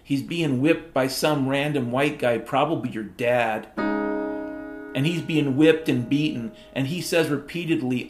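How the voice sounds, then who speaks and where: A man's voice: medium pitch, a little slow. A middle-aged man from Washington state delivering a profane, sardonic, rambling comedic monologue. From Washington state, USA. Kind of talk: comedic spoken-word monologue. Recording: roomy echo with music underneath.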